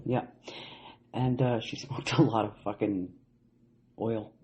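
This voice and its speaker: Canadian guy hosting a podcast, swears a lot, blunt and jokey, mellow dark voice. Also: fairly low pitch, steady tone, slow. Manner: profane, blunt, joking. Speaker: podcast co-host. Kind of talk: casual podcast chat, reading quotes.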